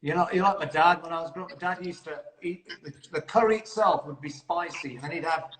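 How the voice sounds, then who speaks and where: A man's voice: fairly high pitch, fast, fairly bright tone, echoey room, a little hiss or hum. A man from the United Kingdom, a guest actor in a casual video chat, teasing and joking, then earnest.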